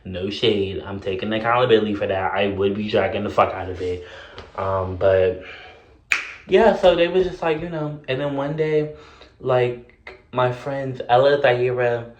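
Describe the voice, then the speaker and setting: A young man casually telling a story in a vlog, animated and sassy, full of fillers and cursing. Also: medium pitch, a little slow, roomy sound, muffled recording, slight background noise.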